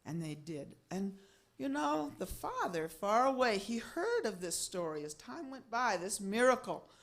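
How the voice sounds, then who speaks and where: A woman telling a religious story to a gathering, expressive and acting out the characters' voices. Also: a little slow. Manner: expressive, swinging pitch and loudness, acting out voices.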